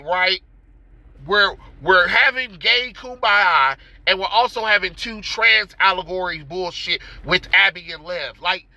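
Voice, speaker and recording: A man ranting in a video commentary, loud and exasperated, swearing constantly and jumping into yelps. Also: sits high, poor audio.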